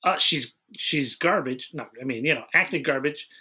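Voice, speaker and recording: A man's voice: medium pitch, moderate pace, pushed and bright, breathy edge. A man hosting a comedy podcast in casual chat, blunt and sarcastic, often acting out quotes. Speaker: podcast host.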